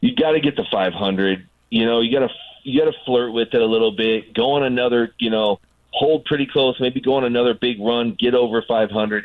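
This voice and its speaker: A man's voice: mid-range voice, no room sound. Man telling stories down a phone line. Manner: animated storyteller, acts out voices. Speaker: former pitcher, guest. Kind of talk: casual radio chat.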